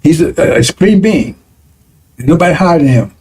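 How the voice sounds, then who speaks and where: A male preacher teaches his congregation in a loose, conversational way. His voice sits a little high and has a dark, mellow tone, and he keeps stopping to check that his listeners follow him. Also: expressive, a little fast, a little hiss or hum. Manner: conversational, repeats 'right?' and 'see?' to check listeners. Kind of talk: broadcast sermon teaching.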